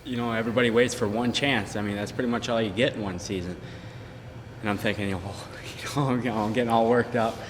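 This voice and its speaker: A man tells how his hunt unfolded in an interview, animated and acting out what was said. His voice carries a long reverb, with faint ambient noise behind it. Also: fairly low pitch, fairly quick. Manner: animated storytelling, acting out dialogue. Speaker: bowhunter.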